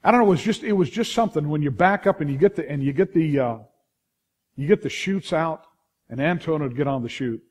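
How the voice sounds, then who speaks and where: Fairly high-pitched and brisk, a middle-aged pastor with a Californian accent tells his sermon like a lively story. He keeps restarting and throwing in asides to the congregation.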